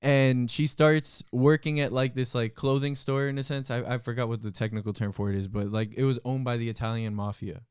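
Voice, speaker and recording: A man's voice: medium pitch, steady tone, brisk, few pauses, a little mellow, clear, resonant tone, dry recording, studio quality. A young man hosting a podcast, telling stories in a laid-back, slangy way. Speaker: podcast host. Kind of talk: casual chat.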